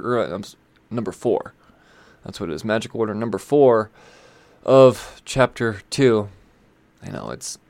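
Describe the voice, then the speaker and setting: Gravelly, animated man chatting about comics. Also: lowish voice, no room sound. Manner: rambling, chatty and irreverent, with frequent swearing and asides. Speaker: comic book video host. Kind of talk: casual commentary on upcoming comics.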